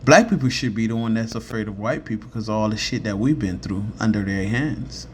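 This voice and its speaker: A man's voice: lowish voice, a little fast, a little hiss or hum. A man co-hosting a podcast in casual chat, blunt and reactive, swearing and laughing often. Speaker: podcast co-host.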